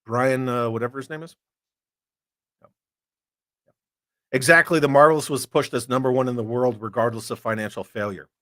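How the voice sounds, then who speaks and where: A man's voice: medium pitch, fairly even intonation, normal speed, pauses often, a bit bright, dry recording, clean studio sound. A man hosting a toy collecting live stream, chatting casually, joking and swearing while he reads comments. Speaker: army veteran.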